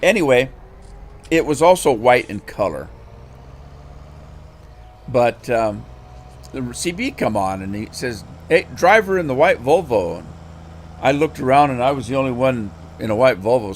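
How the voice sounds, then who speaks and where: Male game streamer, mid-range voice, relaxed and rambling, folksy with fillers; faint game engine noise. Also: medium pitch, normal speed, long pauses. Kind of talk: casual storytelling while gaming.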